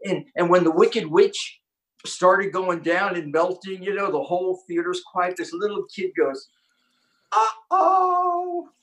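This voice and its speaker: A man hosting an online conference, telling an inspirational story with excitement and acting out the quotes. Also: sits high, moderate pace, rough recording. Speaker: host.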